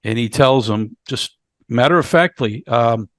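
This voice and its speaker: A man's voice: mid-range voice, a bit bright, dry recording, clean studio sound. A man co-hosting a podcast, casually recapping a horror movie and often repeating words as he goes. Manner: halting, repeats words while recapping the plot. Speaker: podcast co-host. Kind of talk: casual movie review chat.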